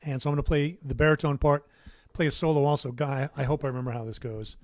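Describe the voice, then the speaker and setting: Middle-aged male musician, relaxed rambling livestream host, dry close studio sound. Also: mid-range voice, fast, dry recording. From United States. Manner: rambling, warm asides, many fillers and restarts. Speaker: musician hosting his own livestream. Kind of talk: casual livestream chat. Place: his home recording studio.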